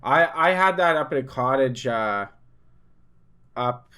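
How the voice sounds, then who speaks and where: A man's voice: medium pitch, expressive, slow pace, clear, resonant tone. A young man co-hosting a podcast, telling drinking stories in a rambling, profane, casual way. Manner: rambling, profane storytelling that grows loud and laughing. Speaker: podcast co-host. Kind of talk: casual chat.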